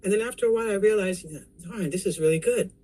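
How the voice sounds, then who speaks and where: A woman's voice: mid-range voice, fast talker, poor audio. A woman in a weight loss support group, chatting on a video call and acting out the voices in her story. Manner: animated storyteller, acts out quoted voices. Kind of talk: casual video call chat. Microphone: computer mic on a video call.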